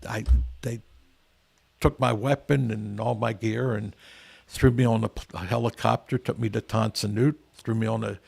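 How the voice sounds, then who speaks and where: Gravelly older man telling war stories. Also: lowish voice, fairly even intonation, normal speed, darkish tone, dry recording. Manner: rambling, earnest, frequent restarts. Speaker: guest, veteran. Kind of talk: casual storytelling interview.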